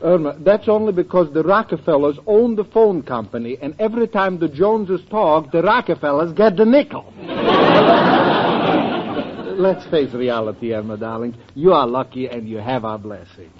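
An actor playing a poor, melodramatic older professor in a 1940s radio sitcom, doting and drily sarcastic. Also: male voice, on the high side, normal speed, some chatter behind, slight background noise, lightly acted. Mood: sardonic. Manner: theatrical, doting, dry sarcasm. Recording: dull old radio broadcast recording.

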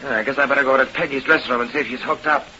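An actor playing a brash young vaudeville dancer who talks in slangy, ungrammatical street speech, in 1930s radio-drama style. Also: male voice, medium pitch, fairly even intonation, rapid-fire, natural voice. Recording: dull, hissy old radio transcription.

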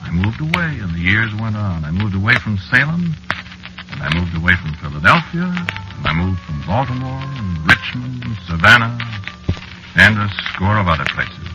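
In an old-time radio drama, an actor with a lowish, sing-song voice narrates as an ageless man married to a witch. He sounds wistful while telling the story and flustered in dialogue, speaking at a moderate pace. The lo-fi recording sits under loud music.

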